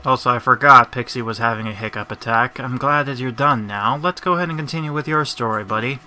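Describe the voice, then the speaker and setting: A man's voice: medium pitch, fast, bright, forceful tone. A man hosting a casual let's-play, rambling and making sarcastic asides at the game's story. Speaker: gaming channel host.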